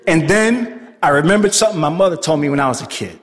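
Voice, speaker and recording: A man with a Bronx accent telling a comic story live on stage, animated and shouting for effect. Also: a little high, quick pace. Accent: New York, Bronx. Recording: live stage with long hall reverb.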